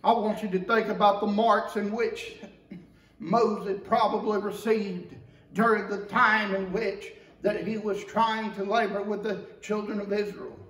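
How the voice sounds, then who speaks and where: A man preaching a sermon as pastor in a church, passionate, swinging between loud outcries and low, quiet stretches. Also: steady tone, measured pace. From Georgia, USA. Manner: impassioned preaching with big swings of pitch and volume. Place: church sanctuary. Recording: echoey church from the mic's distance.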